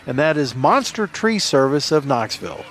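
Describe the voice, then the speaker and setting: A man's voice: mid-range voice, sing-song, normal speed, fairly bright tone. A man commentating live at an outdoor parade at night, easygoing and folksy, reading sponsor ads with small stumbles.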